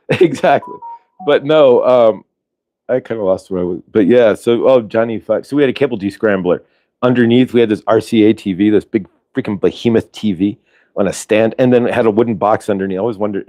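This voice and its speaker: A man hosting a morning show in a loose, rambling way, circling back and restarting his sentences. His voice sits on the low side and sounds close and dry, with almost no room around it. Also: mellow, no echo. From Ohio, US. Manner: rambling, with many restarts and tangents. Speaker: host. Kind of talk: casual chat.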